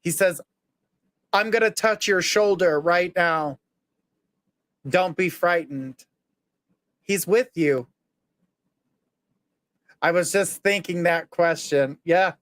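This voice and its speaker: Male psychic medium, slightly high voice, smooth and clear, live reading. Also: takes it slowly, long pauses, a bit bright, no room sound. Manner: earnest, reassuring, relays messages in the first person.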